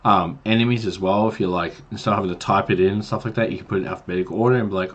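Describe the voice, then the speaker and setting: A man's voice: fairly low pitch, fairly even intonation, very fast, few pauses, husky. A man casually giving tips to new game masters on a livestream, rambling and chatty with many fillers. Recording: dull lo-fi stream mic.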